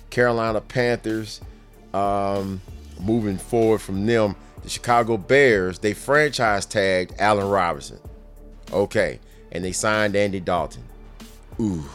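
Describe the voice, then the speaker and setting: A man giving casual sports commentary, running through news in an offhand way with jokey asides. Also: fairly low pitch.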